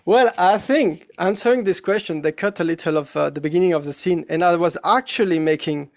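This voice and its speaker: A native French speaker, this actor guest answers casual interview questions in English with a French accent. His gravelly voice sits a little high, and though he talks fairly quickly, he hesitates often while searching for the right words.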